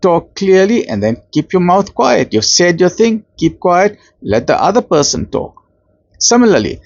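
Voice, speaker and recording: A man's voice: a little high, no echo, dull audio. South African man giving a religious talk. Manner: conversational, acts out quoted voices, uses Arabic terms. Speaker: Islamic lecturer.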